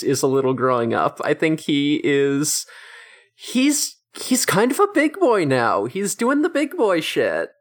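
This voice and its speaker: Casual podcast co-host, female, lively jumpy delivery, salty language. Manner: animated, swears casually, lively pitch jumps. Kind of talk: casual chat recapping a cartoon episode.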